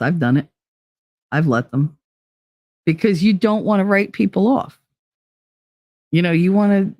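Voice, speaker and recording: A sarcastic, outspoken woman talks through viewer comments as a podcast host, swearing freely and slipping into mocking impressions of others. Her voice sits in a middle pitch, and it is recorded close and dry with almost no room sound. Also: a little mellow, no room sound. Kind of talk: casual monologue reading viewer comments.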